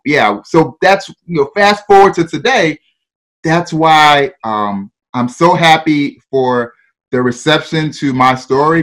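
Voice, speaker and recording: A man's voice: mid-range voice, a bit bright. A man from Ghana with a Ghanaian accent, a guest telling his life story in an interview, laughing often and checking in with "right?" and "you know".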